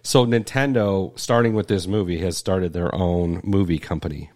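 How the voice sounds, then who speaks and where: Deep-voiced man rambling casually. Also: normal speed, darkish tone. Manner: rambling, loose, full of fillers. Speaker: podcast co-host. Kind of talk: casual chat.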